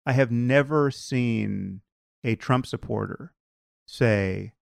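A man hosting an interview podcast, arguing a point in a measured, deliberate way. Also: mid-range voice, gravelly, no echo, studio quality. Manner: measured, argumentative, many "you know" fillers. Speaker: podcast host. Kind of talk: conversational interview.

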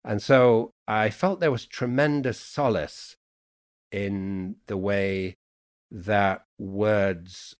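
Male poet guest, blended Yorkshire-Irish-American accent, lowish voice, reflective and meandering. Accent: mixed Yorkshire, Irish and Americanized English. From Yorkshire, England. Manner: unhurried, musing storyteller with many "you know"s. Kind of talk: reflective podcast conversation.

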